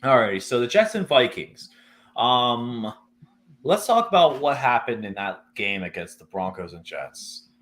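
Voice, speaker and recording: A man's voice: medium pitch, very animated, unhurried, a bit bright. Rambling man breaking down football picks. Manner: rambling, self-correcting, laughs easily. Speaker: co-host. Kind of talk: casual sports picks chat.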